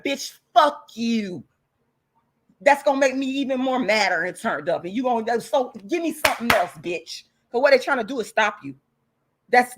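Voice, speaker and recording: A woman with a somewhat high voice rants to her livestream viewers. She is angry and blunt, and she swears freely. Her delivery is defiant and hammers every point home. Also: slightly rough. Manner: angry, profane and emphatic; blunt and defiant, with repeated insults. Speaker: channel host. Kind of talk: heated livestream rant to viewers.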